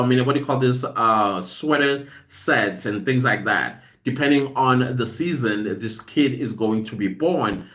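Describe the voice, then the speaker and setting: Man podcast host, slow unhurried delivery, searching for words, slightly dull lo-fi sound. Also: mid-range voice, a bit bright. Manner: rambling, searches for words with many fillers. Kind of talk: casual advice monologue.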